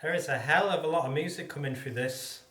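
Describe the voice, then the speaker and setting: A man's voice: fairly high pitch, quick pace, a bit bright. Laid-back man in an echoey room. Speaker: paranormal investigator. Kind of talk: casual chat on a ghost hunt. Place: abandoned hospital at night.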